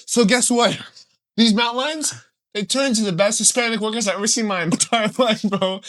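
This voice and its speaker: A young man co-hosting a casual podcast, his voice sitting a little high. He rambles through a made-up tale, swearing freely and breaking into laughter mid-line. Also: fairly quick, fairly bright tone. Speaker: podcast co-host. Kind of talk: casual comedic chat.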